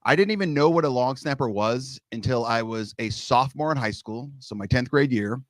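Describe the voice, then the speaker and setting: A middle-aged man from Southern California, a guest telling animated stories in casual chat and acting out the people in them. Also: medium pitch, a little fast, no room sound. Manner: animated storyteller, acts out quoted coaches. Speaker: guest, long snapping coach. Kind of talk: casual storytelling.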